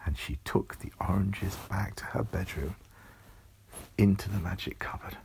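A man telling a bedtime story in a soft, hushed, often whispered voice. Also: deep voice, unhurried, vocal fry, slightly rough.

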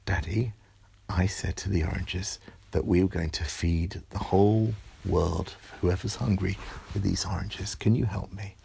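A man's voice: sits low, fairly even intonation, a little slow, vocal fry, dark tone, husky, exaggerated voice. A man voicing an eager, inventive little girl in a bedtime story.

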